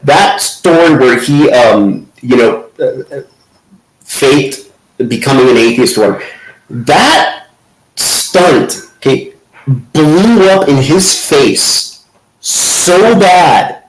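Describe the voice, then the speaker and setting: A man's voice: mid-range voice, expressive, slow, reverberant, slight background noise, poor audio. A man hosting commentary over clips, mocking and sarcastic, often tagging his points with "okay". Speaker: host.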